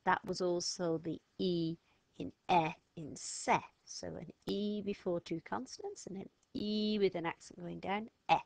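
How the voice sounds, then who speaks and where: A woman's voice: fairly low pitch, steady tone, measured pace, creaky, darkish tone, no room sound. A woman giving a step-by-step French lesson to children, patiently sounding out letters and words. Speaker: French teacher. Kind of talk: slow step-by-step lesson narration.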